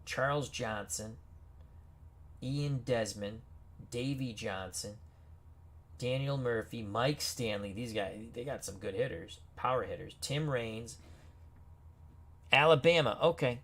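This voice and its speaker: A man's voice: medium pitch, slow, pauses often, fairly bright tone. A man hosting a gaming video, reading player names off team rosters with casual asides and reactions. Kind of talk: casual game commentary.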